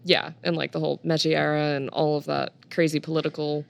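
A woman co-hosting a casual chat, animated and quick to laugh. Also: low voice, creaky.

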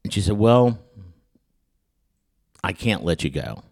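Deep-voiced man telling a story. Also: slow, creaky. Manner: animated storyteller who acts out quotes, with frequent stammered restarts. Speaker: podcast host. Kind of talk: storytelling anecdote in casual chat.

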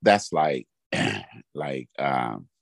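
A man's voice: a bass voice, very animated, very slow, vocal fry, no room sound. A man co-hosting a casual chat podcast, agreeing animatedly and restarting his sentences often. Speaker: podcast co-host.

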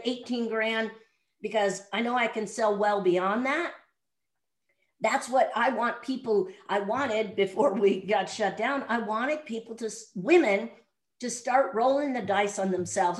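A middle-aged woman, a sales coach and podcast guest, speaking bluntly and directly in an interview. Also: mid-range voice. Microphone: remote audio call. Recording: echoey room sound.

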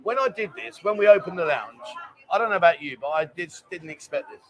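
High-voiced fast-talking london guy, hungover, cracking jokes on a live show. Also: expressive, fairly bright tone. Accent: London English. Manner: jokey banter, quick and chatty. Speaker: co-host of a livestream. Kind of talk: casual chat, reading viewer comments.

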